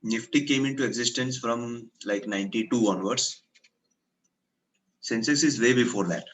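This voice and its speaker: A man's voice: mid-range voice, normal speed, a bit bright, rough recording. A man with an Indian English accent giving a classroom lecture, questioning students and explaining step by step while slipping into Hindi.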